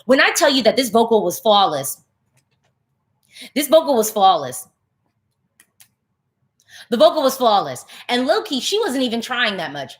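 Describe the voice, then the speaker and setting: A woman's voice: fairly high pitch, moderate pace, long pauses. A woman vlogger giving casual, chatty reaction commentary full of fillers, who gets emotional while talking. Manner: chatty, animated, lots of fillers, nitpicking notes; gets emotional and laughs mid-thought.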